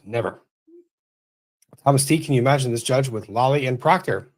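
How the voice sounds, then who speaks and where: A man of ordinary middle pitch works through a stream of viewer questions on a late-night livestream. He reads each one aloud and answers briefly and plainly. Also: moderate pace, long pauses. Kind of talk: livestream Q&A commentary.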